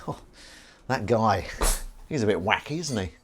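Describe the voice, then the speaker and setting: Male streamer host, low-ish voice, bouncy delivery, rambling and silly. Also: animated, measured pace, noisy background. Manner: chatty, playful, rambling with silly asides. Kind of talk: live-stream chat while washing up.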